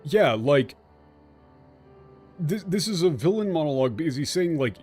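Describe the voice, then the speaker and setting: A man's voice: a little high, big pitch swings, normal speed, a little mellow, slightly rough, soft background music. A male game streamer giving casual let's-play commentary, analytically picking apart a translation word by word and swearing now and then.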